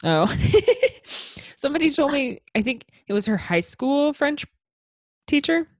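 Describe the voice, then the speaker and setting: A woman's voice: high-pitched, big pitch swings, a little slow, dry recording, studio quality. A woman hosting a casual interview, asking curious questions and encouraging her guest. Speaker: host.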